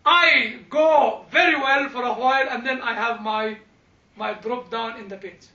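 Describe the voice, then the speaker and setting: A man's voice: very high-pitched, unhurried, pushed and bright. A man leading an informal teaching talk for a church group, speaking animatedly, repeating words, chuckling and addressing listeners directly. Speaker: church discussion leader. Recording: echoey room, distant mic, dull sound.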